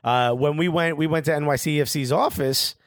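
A man's voice: a little high, fairly quick, no echo, clean studio sound. A man co-hosting a casual soccer podcast, telling stories playfully in slang and acting out the dialogue. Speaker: podcast co-host. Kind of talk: casual chat.

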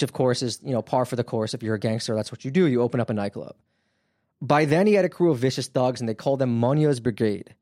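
A man hosting a podcast, telling a crime story in a casual, animated way with frequent fillers. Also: mid-range voice, no room sound, studio quality. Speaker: podcast host.

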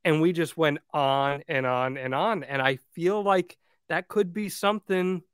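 A man's voice: on the high side, a little slow, clear, resonant tone, no echo, studio quality. A man hosting a podcast in casual chat, upbeat and steering the talk. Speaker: podcast host.

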